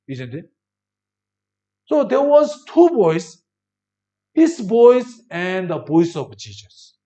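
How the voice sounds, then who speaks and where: A male preacher giving a sermon in broken English. He often asks the congregation rhetorical questions and swings between loud emphasis and soft drops. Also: high voice, huge pitch swings, slow, long pauses.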